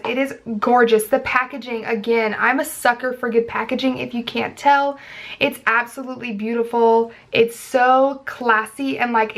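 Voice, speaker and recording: A woman's voice: on the high side, a bit bright. Gushing young woman with a twang. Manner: gushing, chatty, lots of fillers. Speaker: beauty vlogger. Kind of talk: casual product review.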